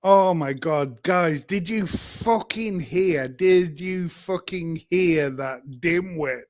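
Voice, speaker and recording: A man's voice: a little high, takes it slowly, hardly any pauses. A British man hosting a livestream, ranting in an angry, profane, exasperated way. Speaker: livestream host. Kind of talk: profane live-stream rant.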